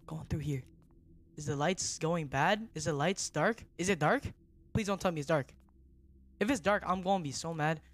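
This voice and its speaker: A young man streaming a horror game, jumpy and excitable, who repeats himself in slangy bursts and drops to a whisper when tense. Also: on the high side, normal speed. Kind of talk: live gaming commentary.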